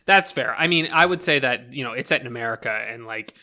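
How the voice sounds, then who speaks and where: A man's voice: medium pitch, fast, pushed and bright. A Canadian man co-hosting a casual podcast, talking animatedly about games, laughing often and swearing casually. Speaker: podcast co-host. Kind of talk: casual chat.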